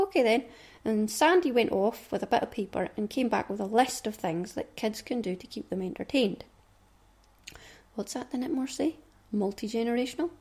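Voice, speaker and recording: A woman's voice: fairly high pitch, warm tone. A middle-aged woman with a Scottish accent hosting a knitting podcast, chatting casually and rambling with little asides under her breath. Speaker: podcast host. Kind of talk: casual chat.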